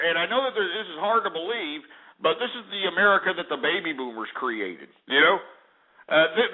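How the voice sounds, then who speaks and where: A male radio host ranting angrily on a call-in show and insulting his callers. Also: high voice. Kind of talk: call-in talk radio rant. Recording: lo-fi phone-like radio archive.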